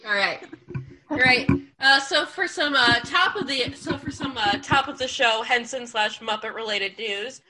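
A woman's voice: a little high, normal speed, noisy background. A young woman co-hosting a casual fan podcast, chatty and jokey, with frequent restarts and fillers. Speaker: podcast co-host.

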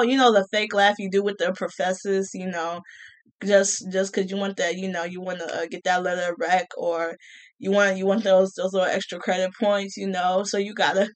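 A woman's voice: mid-range voice, a bit bright. A young adult woman talking casually to camera, joking, laughing often and repeating her phrases. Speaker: vlogger.

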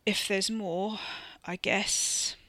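A man's voice: high voice, fairly even intonation, extremely slow, bright, forceful tone, dry recording, heavily acted. A woman doing a blunt, dry bloke. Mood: laid-back. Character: muscular British cousin, blunt and laconic.

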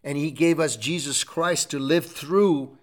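A man's voice: fairly high pitch, measured pace. A middle-aged man hosting a show, giving a preachy motivational talk full of repeated exhortations. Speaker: show host.

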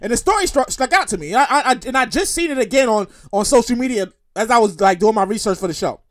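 Loud, animated woman ranting as a comedy host. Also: a little high, quick pace. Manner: loud, animated and profane, with frequent laughter and shouting. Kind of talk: comedic solo podcast rant.

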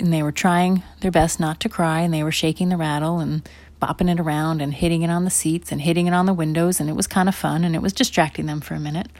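A woman improvising a children's story for her child in a gentle, rambling way, looping back over her phrases. Her voice sits fairly low, and the recording is dry with no room sound. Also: vocal fry, no echo.

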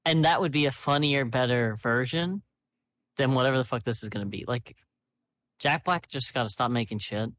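A man with a middling pitch talks bluntly and swears freely as he riffs on a podcast. His voice is close-miked and dry, and he rambles from one idea to the next. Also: moderate pace, a bit bright, no echo. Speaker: podcast co-host. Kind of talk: casual chat.

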